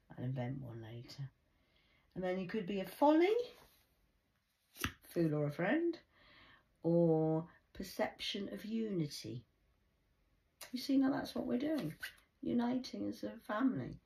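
A woman's voice: very animated, a little slow, gravelly, long pauses, dark tone. A woman giving a rambling, scolding spiritual card reading, with theatrical swings of voice. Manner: scolding, theatrical, sudden pitch jumps.

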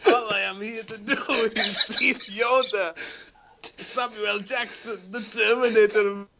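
A man imitating an excitable male motorsport TV commentator who sounds strained, as if forcing each word out. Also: on the high side, unhurried, dull audio, very noisy, lightly acted.

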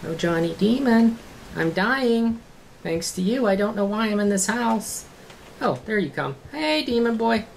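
A gaming channel host doing let's-play commentary, swearing and yelling at the game in frustration. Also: medium pitch, expressive, measured pace, gravelly, a little hiss or hum.

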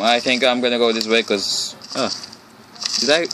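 A man's voice: fairly high pitch, normal speed, background noise. A man commenting on a horror game he plays alone in his room, jumpy and nervous, repeating himself and exclaiming. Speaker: let's play gamer.

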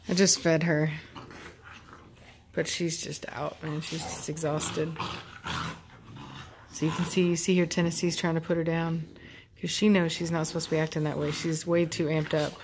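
Woman dog breeder, casual home vlog narration, slightly low pitch, amused and chatty. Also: fairly even intonation, moderate pace, pauses often, slight background noise. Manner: chatty, amused, laughs often. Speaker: dog breeder filming her dogs. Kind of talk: casual running commentary. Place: home with dogs playing nearby.

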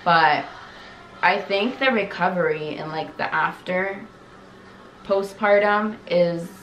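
A woman's voice: fairly low pitch, takes it slowly, a bit bright. A young woman from Canada chatting casually with her viewers, full of "like" and "you guys". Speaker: vlogger. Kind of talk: casual chat. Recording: echoey room with faint noise.

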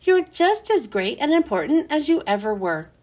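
A woman voicing a calm, reassuring schoolteacher in a storybook reading. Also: high voice, normal speed. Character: calm grown-up woman teacher.

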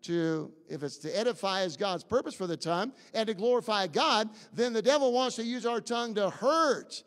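A male pastor with a very high voice preaches in a church sanctuary, his words ringing in a long hall reverb. He quizzes the congregation, stumbles through fillers and restarts, and builds up to near shouts. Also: animated, moderate pace. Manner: emphatic, questioning the congregation, rising to near shouts. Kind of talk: sermon.

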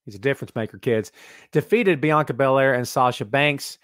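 A man's voice: mid-range voice, brisk, fairly bright tone, no echo, clean studio sound. A man hosting a live-streamed wrestling podcast in casual, sarcastic chat, reading viewer comments aloud and mumbling to himself while he adjusts settings.

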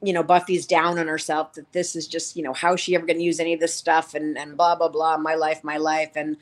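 A woman's voice: low-pitched, flat delivery, fast. A woman co-hosting a show, casually recapping TV episodes in a rambling way, full of fillers and quoted lines. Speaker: podcast co-host reviewing a TV series.

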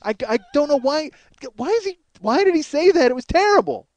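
A comedian host telling a crude personal story in a rambling, profane way, often repeating and restarting himself. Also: male voice, very high-pitched, lively intonation, fairly quick, no room sound.

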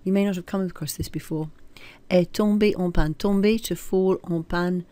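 A woman's voice: lowish voice, steady tone, normal speed, warm tone, dry recording. A woman teaching French, reading short sentences and then translating and commenting on them, with asides where she corrects herself. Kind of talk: recorded language lesson.

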